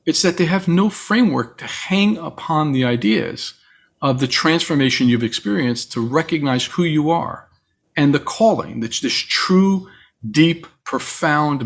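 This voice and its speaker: Husky-voiced man telling stories. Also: fairly high pitch, lively intonation, measured pace. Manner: storytelling, acts out quoted voices. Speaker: interview guest. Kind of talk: reflective conversation.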